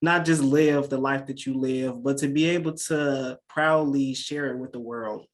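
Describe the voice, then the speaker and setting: A man's voice: medium pitch, fairly even intonation, measured pace. Sincere male interview host. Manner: affirming, sincere, long flowing questions. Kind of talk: conversational interview.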